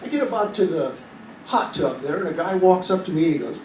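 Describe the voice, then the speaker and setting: A stand-up comic in his fifties, originally from Iowa, working a cruise ship crowd with a high, bouncy voice that swoops up and down. He spins long stories and keeps checking in with the audience. He is heard from a distance in an echoey room with steady background noise. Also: fast talker. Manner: chatty storyteller, quizzes the audience, builds to punchlines. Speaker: stand-up comedian. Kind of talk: stand-up comedy set with crowd work. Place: entertainment venue on a cruise ship.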